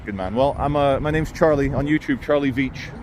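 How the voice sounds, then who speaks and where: A man's voice: medium pitch, fairly quick, a crowd in the background. Wry man vlogging on the street. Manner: wry, sarcastic running commentary. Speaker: YouTuber walking a town. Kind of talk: walking vlog commentary. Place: outdoors on town streets. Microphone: handheld camera mic while walking.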